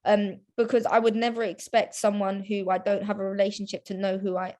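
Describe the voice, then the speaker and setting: A woman's voice: mid-range voice, little pitch movement, brisk, darkish tone. A young woman, chatting casually as a podcast guest, full of restarts and "like" fillers. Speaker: guest, women's football presenter.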